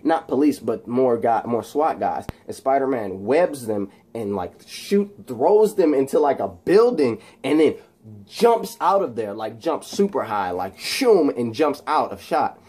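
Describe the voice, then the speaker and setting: A man casually retelling his own fan story in an excited, rambling way, with sound effects thrown in. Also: medium pitch, measured pace, breathy edge.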